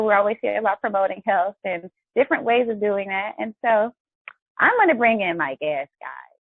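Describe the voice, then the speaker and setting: A woman with a creaky voice on the high side hosts a live health and wellness show in an upbeat, chatty, encouraging manner, frequently addressing viewers as guys. The recording is dry and sounds phone-quality.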